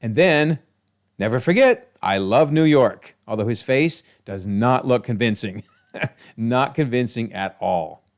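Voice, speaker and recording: Lively man recapping a TV episode. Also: medium pitch, a little slow. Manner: animated, exclaiming. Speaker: video host.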